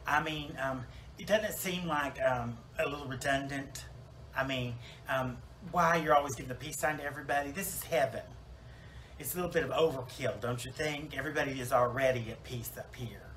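A man's voice: medium pitch, brisk, fairly bright tone, natural voice, poor audio. Brief: male preacher doing a self-absorbed salon-owner woman in heaven, rambling and wry, mid-range voice, faint hiss behind. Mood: exasperated. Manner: rambling, full of fillers and restarts, wry. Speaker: preacher in character. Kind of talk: comic church monologue.

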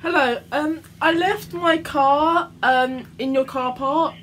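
A young woman vlogger chatting excitedly with a friend and making prank phone calls. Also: high voice, slow pace, a little hiss or hum, low-quality recording. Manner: giggly, excitable between calls. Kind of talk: casual chat and prank call.

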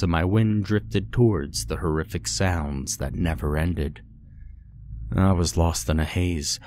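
A man giving a scripted horror story narration in a measured, grave storytelling manner. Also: sits low, darkish tone.

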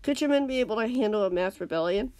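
A woman's voice: mid-range voice, animated, fast talker, darkish tone, no echo, natural voice. A woman reading aloud, voicing a defiant young male captive who challenges his captor. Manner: wary, challenging.

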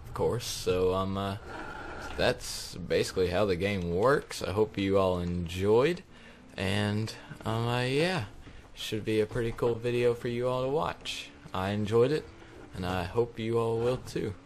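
A man's voice: on the low side, measured pace, a little hiss or hum. A young man hosting a casual gaming video, rambling with lots of ums and uhs and laughing easily. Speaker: gaming YouTuber host.

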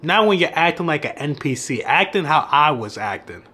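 A man's voice: a little high, very animated, normal speed, pushed and bright, slightly rough. A young man who coaches on dating, telling a story in a casual vlog, laughing often and swearing freely.

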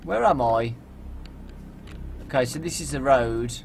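A young man from England doing jokey, animated let's play commentary as a gaming video host, often yelling at the game. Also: mid-range voice, unhurried, vocal fry, a little hiss or hum.

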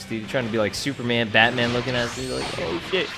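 A young man giving excitable, profanity-laced commentary over his gameplay, laughing often. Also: medium pitch, quick pace, vocal fry, hardly any pauses, over music. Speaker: gaming YouTuber.

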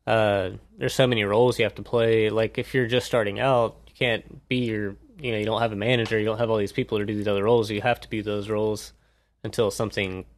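Male guest, lowish voice, relaxed and agreeable, plain explanations. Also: fast. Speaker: podcast guest, videographer. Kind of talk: casual podcast chat.

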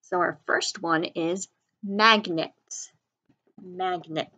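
On a muffled recording, a woman with a low, steady, sharp-toned voice teaches children to read. Her enunciation is slow and clear as she sounds out each syllable and spells words letter by letter.

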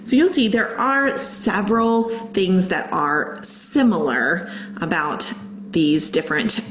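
A woman's voice: mid-range voice, reverberant, a little hiss or hum, rough recording. A woman teacher patiently walking young students through a writing lesson, explaining each step and reading example sentences aloud. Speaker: elementary school teacher. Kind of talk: recorded online lesson.

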